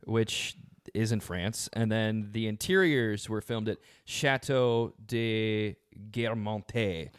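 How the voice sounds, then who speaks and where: A man co-hosting a casual movie podcast, with dry, teasing banter and quick corrections. His voice sits a little lower than most. The sound is close and dry. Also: clean tone, dry recording. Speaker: podcast co-host. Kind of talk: casual movie review chat.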